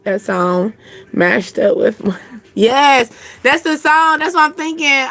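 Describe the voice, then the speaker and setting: A woman's voice: sits high, normal speed, fairly bright tone, no room sound. A woman hosting a casual live reading, rambling chattily and answering comments from her chat. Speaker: channel host giving intuitive readings.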